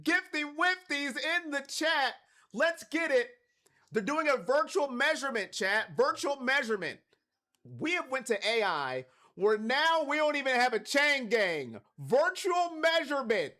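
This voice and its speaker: A man's voice: very high-pitched, very animated, unhurried. A man from Cleveland hosting a live watch party stream, calling plays and talking to his chat. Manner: hypes chat, shouts on big plays.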